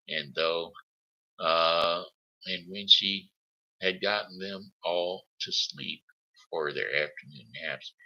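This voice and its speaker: Deep, slow, gravelly man reading a story. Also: sharp tone, highs cut off. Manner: halting, with slips and restarts. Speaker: host. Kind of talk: reading a children's story aloud.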